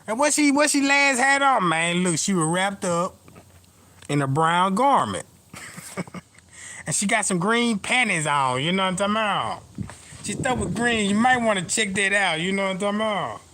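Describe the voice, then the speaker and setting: A man's voice: high voice, animated, moderate pace, sharp tone, a little hiss or hum. A man telling profane comic stories in a stand-up style, constantly asking "you know what I'm talking about". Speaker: comedian. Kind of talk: stand-up storytelling.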